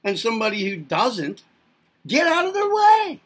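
High-voiced, bright rambling man lecturing. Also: huge pitch swings, normal speed, husky. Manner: rambling, rhetorical questions, casual swearing. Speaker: self-help speaker. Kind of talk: informal lecturing monologue.

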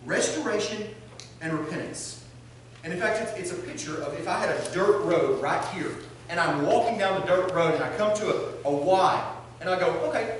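A man with a high voice delivers an animated sermon, acting out the voices he quotes. He sounds far from the mic in a strongly echoing chapel, with a faint hiss behind him. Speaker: military chaplain.

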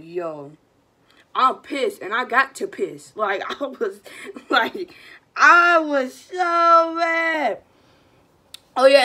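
A young woman, telling a storytime vlog in a slangy, animated, casual way and quoting what people said. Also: medium pitch. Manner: animated, slangy retelling with quoted voices. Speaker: vlogger.

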